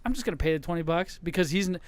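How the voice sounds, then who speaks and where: A man's voice: a little high, very fast, smooth, dry recording. A middle-aged man hosting a podcast, telling stories in a profane, casual rant. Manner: profane storytelling. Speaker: podcast host. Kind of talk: casual ranting chat.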